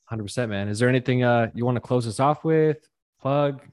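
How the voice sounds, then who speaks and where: A man's voice: mid-range voice, fairly quick. A man hosting a podcast, chatting casually and agreeably with a guest. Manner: relaxed, agreeable, loose filler words. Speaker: podcast host. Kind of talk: casual conversation.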